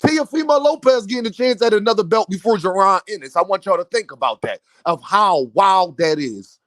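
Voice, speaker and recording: Emphatic high-voiced man talking boxing. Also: animated, fairly quick, a bit bright, dry recording. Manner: emphatic, talks straight to his viewers. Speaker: boxing commentator. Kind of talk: opinionated boxing commentary.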